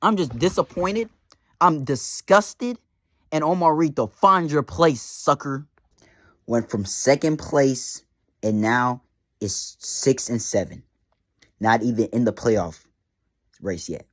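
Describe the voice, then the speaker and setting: A man's voice: mid-range voice, takes it slowly, long pauses, no room sound. A young man managing a fantasy league team, delivering a heated, mocking rant full of repetition. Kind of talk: casual trash-talk rant.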